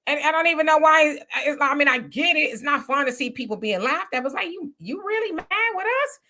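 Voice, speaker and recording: A woman's voice: high-pitched, animated, a little fast, bright, forceful tone. A woman co-hosting a casual live stream, chatting loosely and reading out viewer donations and messages. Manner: loose, conversational, reads viewer messages aloud.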